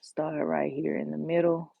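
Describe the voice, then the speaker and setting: Low-voiced woman, chatty nail tutorial. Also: level tone, measured pace, creaky, breathy edge, no echo, phone-quality sound. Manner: chatty, encouraging, talks straight to viewers. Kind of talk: casual step-by-step tutorial chat.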